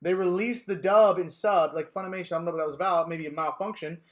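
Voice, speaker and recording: The young co-host of a casual podcast speaks quickly, his voice sitting high. Full of energy, he spins stories and acts out quotes like an animated storyteller.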